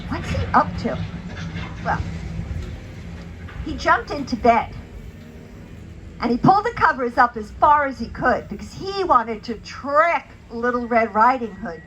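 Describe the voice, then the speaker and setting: A woman reads a children's story aloud, stopping to ask her little listeners what they think. Her voice is bright and clear, and there is a faint hum behind her. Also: on the high side, unhurried, long pauses, rough recording. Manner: animated, asks young listeners questions. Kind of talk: children's story time, puppet telling.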